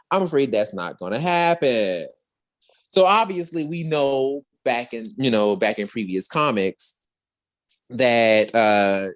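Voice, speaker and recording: A man hosting a podcast, telling a comic story in a slangy, animated way. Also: medium pitch. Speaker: podcast host. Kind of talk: casual comic recap chat.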